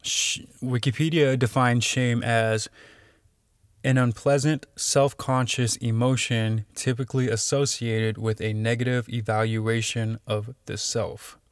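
A man's voice: mid-range voice, flat delivery, measured pace, no room sound, clean studio sound. A man talking casually on his own, reading out definitions with many fillers and restarts.

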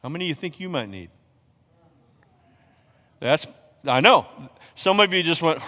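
A man preaching from the pulpit, his voice sitting a little high as he drops to near-whispers and then climbs to shouts. The sound rings with the long reverb of a large church hall. He urges the congregation on like a drill sergeant. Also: lively intonation, slow, long pauses. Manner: impassioned preaching that swings from hushed to shouting. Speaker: pastor. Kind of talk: sermon.

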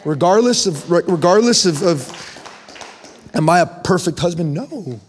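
A young man preaching a conversational sermon, his voice climbing in pitch when he presses a point. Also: lively intonation, normal speed, a little hiss or hum. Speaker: pastor. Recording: long hall reverb.

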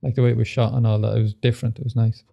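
A man's voice: mid-range voice, flat delivery, rapid-fire, creaky, mellow, dull audio. A man hosting a casual podcast, rambling loosely and laughing easily. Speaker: podcast host.

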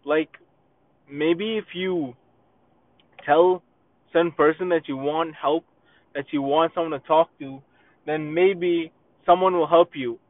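A man's voice: on the high side, fairly even intonation, slow pace, pauses often, no echo. A young man hosting a solo podcast, ranting in a profane, exasperated way with lots of fillers and restarts. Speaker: podcast host. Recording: tinny phone-quality, dry sound.

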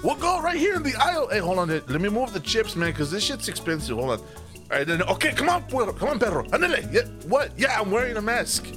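Man playing a loud, dim street tough who shouts challenges high and hard, peppered with Spanish slang. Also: sing-song, fast, over music. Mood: challenging. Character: tough male neighborhood brawler, dim and hot-headed.

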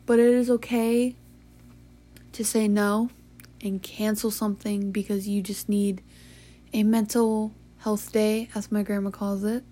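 A tired young woman hosting a late-night confessional podcast, talking softly and haltingly, with sighs, yawns and whispered stretches. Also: medium pitch, little pitch movement. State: sleepy. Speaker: podcast host.

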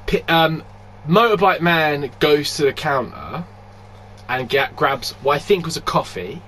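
Man, higher voice, animated casual storytelling, swears freely. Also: a little slow, slight background noise. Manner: animated anecdote telling, swears freely, laughs often. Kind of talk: casual chat.

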